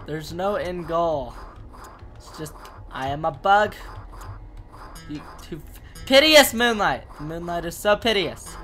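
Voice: mid-range voice, slow pace, long pauses, faint music behind. A gamer giving rambling, jokey commentary while playing through a game. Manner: jokey, rambling self-talk. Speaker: gaming commentator. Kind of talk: let's play commentary.

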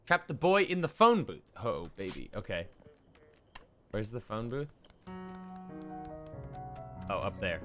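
A young man giving casual, profanity-laced commentary while playing a game, with lively stretches of storytelling. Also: on the low side, slow, long pauses, music in the background. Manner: swearing, animated storytelling. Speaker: streamer.

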